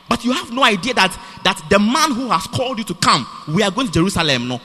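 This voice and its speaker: A high, bright-voiced man preaching with a lively, swooping delivery. He repeats and restarts his phrases emphatically, and his voice rings with the long reverb of a church hall. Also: quick pace, few pauses. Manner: animated, repetitive, emphatic with many restarts. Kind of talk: sermon.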